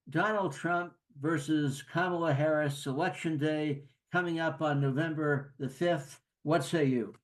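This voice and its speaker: A man's voice: a little high, fairly even intonation, unhurried, hardly any pauses, low-quality recording. A man hosting a TV program, courteously introducing and prompting his guest. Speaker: TV program host. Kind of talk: broadcast interview hosting.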